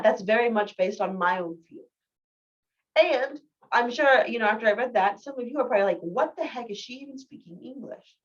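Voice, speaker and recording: Casual woman lecturer, distant dull mic. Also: a little high. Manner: casual, candid, self-deprecating. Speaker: biology lecturer. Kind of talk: recorded college lecture.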